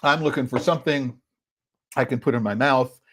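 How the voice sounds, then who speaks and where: Male podcast critic, mid pitch, loose filler-heavy delivery, talking from his office desk. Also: moderate pace, a bit bright, slight background noise. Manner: rambling, filler-heavy, thinks aloud. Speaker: chocolate critic and podcast host. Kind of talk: solo podcast tasting talk.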